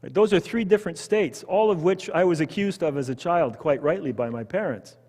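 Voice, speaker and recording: A man with a Canadian accent leading a church Bible study, talking in an animated, conversational way and putting questions to the group. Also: a little high, brisk, long reverb tail. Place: church hall.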